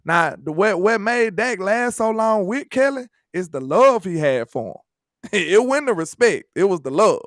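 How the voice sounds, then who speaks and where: A man's voice: high-pitched, animated, moderate pace, dry recording, studio quality. A man co-hosting a podcast, talking sports in casual slangy banter and laughing often. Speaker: podcast co-host.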